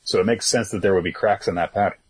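Male co-host, very deep and husky, laid-back and talkative. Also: steady tone, fast, darkish tone. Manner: laid-back, thinks aloud with fillers. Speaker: podcast co-host. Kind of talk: casual chat about manga chapters.

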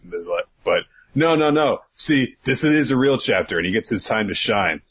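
Young guy chatting about comics, husky, voice jumps all over, swears a lot. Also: fairly low pitch, moderate pace. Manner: animated, swearing, acts out characters. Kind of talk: casual chat recapping a manga.

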